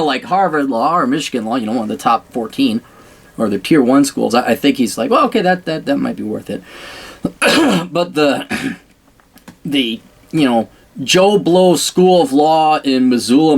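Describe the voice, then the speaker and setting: A man delivering a casual ranting monologue, blunt and sarcastic, swearing often and clearing his throat between thoughts. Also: medium pitch. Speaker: commentator.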